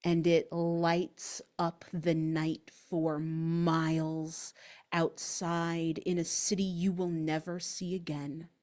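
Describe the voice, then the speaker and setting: Slow, dramatic woman game master. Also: sits low, little pitch movement, a little mellow. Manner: slow, dramatic, halting narration. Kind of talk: narrating a tabletop game.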